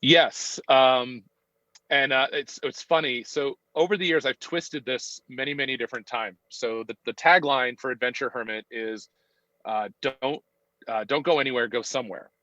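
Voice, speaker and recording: A man's voice: medium pitch, moderate pace, pushed and bright, no echo. A man in his fifties, a podcast guest, talking in a reflective, hesitant way with many ums and restarts. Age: 50s. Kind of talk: casual conversational interview. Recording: dull, dry sound.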